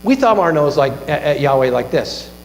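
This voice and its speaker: A man preaching a sermon, retelling a Bible story with lively asides and questions to the room. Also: on the high side, moderate pace. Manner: animated storytelling with asides like "right?". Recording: echoey hall with faint mains hum.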